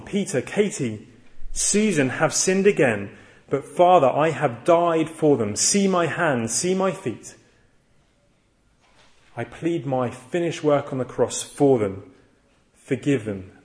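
A man's voice: mid-range voice, a little mellow. A man preaching a sermon, earnest and emphatic, telling a story and building to repeated phrases.

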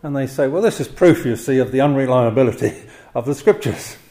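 Older guy preaching a bible sermon, laughs a lot between lines, middle pitch. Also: lively intonation, brisk. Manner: warm chuckling asides, dramatic quoted cries. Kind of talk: expository sermon.

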